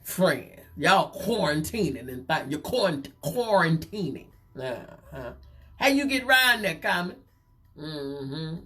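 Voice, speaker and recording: A woman's voice: deep voice, very animated, sharp tone. A woman hosting a gossip show, teasing and playful, repeating herself for effect. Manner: playful, repetitive, drawn-out teasing. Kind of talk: casual gossip chat.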